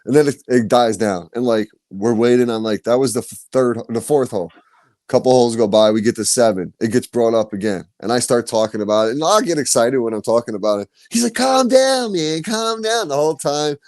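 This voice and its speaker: A man's voice: mid-range voice, fairly quick, a little mellow, dry recording, studio quality. A man hosting a podcast, telling stories in loose, profane casual chat. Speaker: podcast host.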